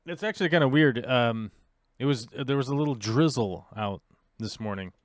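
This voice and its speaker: A man's voice: mid-range voice, moderate pace, dry recording. A man hosting a casual livestream chat in a playful way, thinking aloud and joking at himself. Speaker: livestream host.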